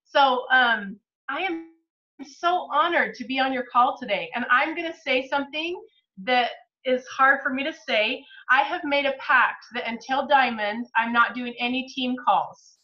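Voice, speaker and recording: A woman speaking as a guest on a team video call, emotional and quick to laugh. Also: sits high, pushed and bright, muffled recording. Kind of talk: casual chat on a video call.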